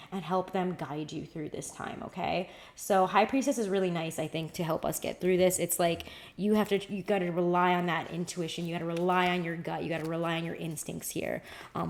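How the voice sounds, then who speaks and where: Chatty low-voiced woman tarot reader. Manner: chatty, rambling, swears casually. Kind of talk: casual livestream tarot reading.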